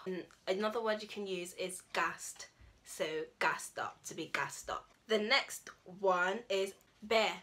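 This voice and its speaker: A young adult woman from the United Kingdom, a language vlogger, chats casually to the camera while explaining slang, using plenty of fillers and acting out example phrases. Her voice is medium-pitched, a bit bright and unhurried.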